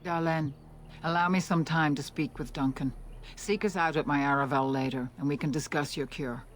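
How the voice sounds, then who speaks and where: Calm elder clan leader, voiced by a woman, formal game dialogue. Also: low voice, normal speed, slight background noise, close to an everyday voice. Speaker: game character.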